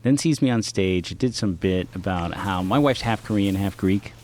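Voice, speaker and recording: A man's voice: deep voice, moderate pace, a little hiss or hum. A man telling stories as a comedian guest on a podcast, in a casual, profane style. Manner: profane, animated storyteller.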